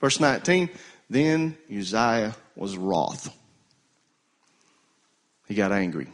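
A man's voice: lowish voice, big pitch swings, takes it slowly. A male pastor preaching a sermon, calling on the congregation to answer him. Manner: call-and-response preaching, urging the congregation to answer.

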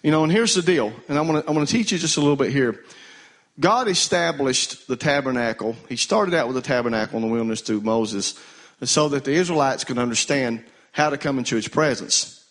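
A man's voice: medium pitch, expressive, a little fast, fairly bright tone. Pastor guy preaching, keeps asking the church to say amen. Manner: call-and-response preaching, urging the congregation to answer. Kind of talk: sermon.

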